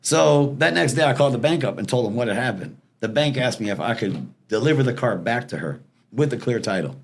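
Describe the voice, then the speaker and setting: A man talks quickly on a podcast, rattling through a story in a casual, unhurried-sounding but rapid delivery. He slips into quoted voices of the people in it as he goes, keeping a mid-range pitch throughout. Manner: fast, animated storyteller acting out quoted people. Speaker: podcast guest, former repo man.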